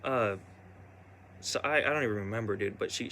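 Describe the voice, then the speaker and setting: A young man telling a personal story in a rambling, halting way, full of restarts and fillers. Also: fairly low pitch, bright, forceful tone, a little hiss or hum.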